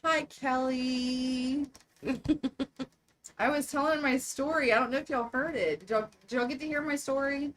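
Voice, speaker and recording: Animated Southern woman hosting a live chat. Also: high-pitched, unhurried, slight background noise, poor audio. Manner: animated, laughs often, greets viewers. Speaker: livestream host.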